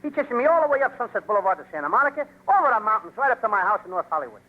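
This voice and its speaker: High-voiced comedian, tinny old radio. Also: male voice, big pitch swings, very fast. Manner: boastful childish wisecracks. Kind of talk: 1940s radio comedy double act.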